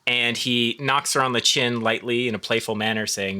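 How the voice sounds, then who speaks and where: A man's voice: lowish voice, steady tone, normal speed, hardly any pauses, bright, forceful tone. A man co-hosting a casual podcast, giving blunt verdicts on a bad movie and laughing often. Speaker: podcast co-host playing judge.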